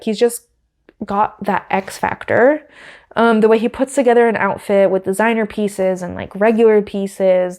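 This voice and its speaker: A woman's voice: medium pitch, a little mellow. Chatty wry woman podcast host. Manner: chatty, wry, lots of fillers. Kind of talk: casual commentary.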